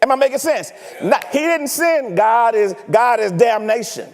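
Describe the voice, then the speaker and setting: High-voiced preacher in an echoing church. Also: male voice, normal speed. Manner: animated, teasing preaching with rhetorical questions. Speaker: pastor. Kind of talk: sermon. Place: church sanctuary.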